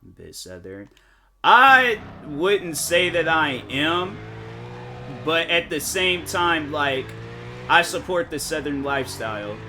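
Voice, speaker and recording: A man's voice: fairly high pitch, expressive, takes it slowly, pushed and bright, slight background noise. A man streaming and chatting casually, rambling with lots of filler words and restarted sentences. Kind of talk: casual chat on a live stream. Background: game music.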